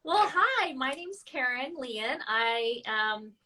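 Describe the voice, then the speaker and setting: High, bright woman in her fifties. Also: expressive, slow pace, recorded from a distance. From Idaho. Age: 50s. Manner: cheerful, eager. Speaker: blogger and artist. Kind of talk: casual live video chat. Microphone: video call.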